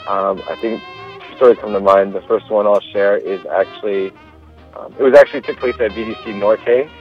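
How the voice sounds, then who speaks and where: A man in his thirties telling a personal story casually, with relaxed fillers, restarts and laughs. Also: fairly low pitch, normal speed, muffled recording, faint music behind. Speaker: storyteller guest.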